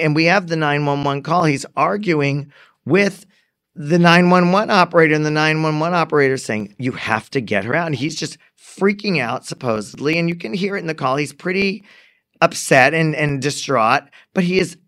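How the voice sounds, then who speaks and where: Brief: animated male true crime storyteller. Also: fairly high pitch, normal speed. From lives in New York. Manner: animated storyteller who acts out quoted dialogue. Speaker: podcast co-host. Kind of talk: casual true crime chat.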